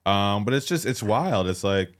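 Man, deep voice, casual podcast chat, hedging, lots of "like", dry close mic. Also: animated, dry recording. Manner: hedging, halting, heavy use of "like". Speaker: podcast co-host.

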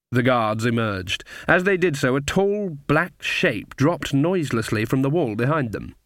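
A male audiobook narrator who tells the story in a measured, wry manner. His voice sits at an ordinary pitch for a man and is recorded close and very dry in a studio, with no room sound. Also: animated, a bit bright, no room sound.

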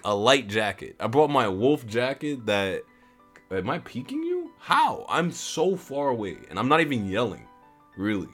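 A young man talking casually to his viewers with lots of restarts, standing some distance from the mic. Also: medium pitch. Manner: animated, rambling, lots of restarts. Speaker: vlogger. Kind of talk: casual chat to camera. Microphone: stands away from the mic.

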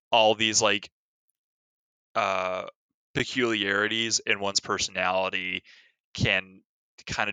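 Bright-voiced man chatting loosely. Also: sits low, smooth, no room sound, rough recording. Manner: rambling, laughs often, many filler words. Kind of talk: casual podcast chat about a film.

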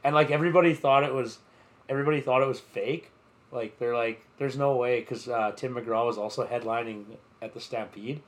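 A man's voice: mid-range voice, a little fast. A man co-hosting a casual podcast, spinning a rambling festival story. He keeps stumbling over "like" and "uh" and swears freely. His voice sits in the ordinary middle range. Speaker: podcast co-host. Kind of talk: casual chat.

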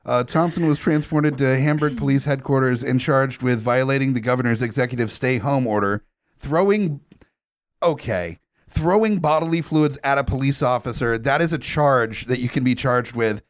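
A man's voice: medium pitch, normal speed, dry recording, clean studio sound. A man in the host seat reads odd news items aloud and jokes about them. He laughs often and keeps the chat loose and casual. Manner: reads headlines then riffs, laughs often. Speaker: podcast host reading news stories.

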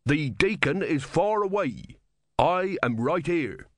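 A man's voice: a little high, expressive, takes it slowly, no echo, clean studio sound, pitched above the performer's own voice. A man voicing a stern male army sergeant who speaks in a firm, clipped, commanding way.

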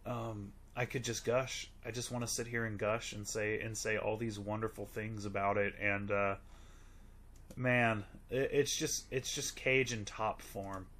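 Guy rambling on a movie podcast, bright forceful voice, lots of "like" and swearing. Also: on the low side, little pitch movement, a little slow. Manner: rambling and gushing, full of "like" and profanity. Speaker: podcast co-host reviewing a movie. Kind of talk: casual chat.

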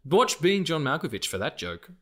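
A man co-hosting a film podcast, chatting casually in a rambling, profane way, breaking into animated rants and silly noises. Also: fairly high pitch, moderate pace, slight background noise. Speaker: podcast co-host.

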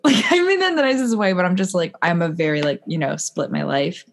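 A woman's voice: fairly low pitch, lively intonation, fairly quick. A woman co-hosting a podcast, chatting casually in a rambling way with many restarts. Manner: rambling, full of fillers and restarts. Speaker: podcast co-host. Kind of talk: casual chat.

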